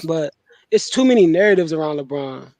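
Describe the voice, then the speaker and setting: A man talking sports on a casual podcast, relaxed and slangy. His voice is a little higher than most men's. It is recorded dry. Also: a little fast, no echo. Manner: relaxed, slangy opinion talk.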